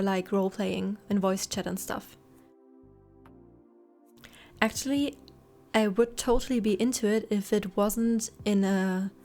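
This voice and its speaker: A young woman chatting casually and rambling while streaming a game. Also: medium pitch. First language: German. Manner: chatty, rambling, soft asides to chat. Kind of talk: casual gameplay commentary. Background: faint game music.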